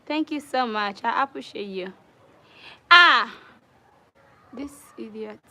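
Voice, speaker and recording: High-voiced Sierra Leonean woman chatting live. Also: lively intonation, measured pace, pushed and bright, a little hiss or hum, rough recording. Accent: Sierra Leonean Krio-tinged English. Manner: chatty, addresses viewers directly, drops into Krio phrases. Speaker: livestream host. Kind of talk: casual livestream chat.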